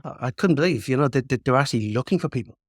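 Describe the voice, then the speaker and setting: A man's voice: medium pitch, animated, rapid-fire, no room sound, clean studio sound. Irish man telling stories with ums. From Ireland. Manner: chatty storyteller with frequent ums and restarts. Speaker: guest. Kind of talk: casual interview chat.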